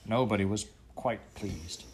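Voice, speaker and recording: A man narrating a children's story aloud in a measured storytelling manner. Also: on the low side, noisy background. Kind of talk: audiobook reading.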